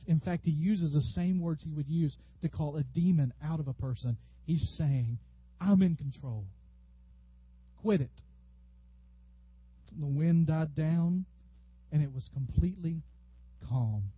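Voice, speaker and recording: A man from Tennessee, preaching a sermon in an animated storytelling way. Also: on the high side, no room sound, lo-fi sound. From Tennessee, USA. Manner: animated, storytelling preacher who acts out quotes loudly. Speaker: pastor.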